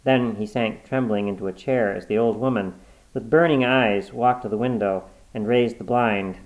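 A man reading a horror story aloud in a measured, suspenseful narration. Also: on the low side, dull audio.

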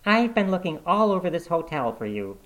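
A man reading aloud and voicing a bossy, nagging middle-aged wife with sharp, scolding questions. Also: sits high, sing-song, brisk, voice pushed up.

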